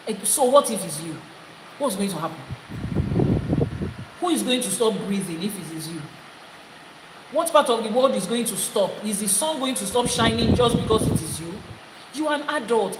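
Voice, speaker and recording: A woman's voice: on the high side, roomy sound, big-room sound, noisy background. A woman, a priestess giving a spiritual teaching talk, stressing her points by repeating phrases. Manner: emphatic, repeating phrases for effect.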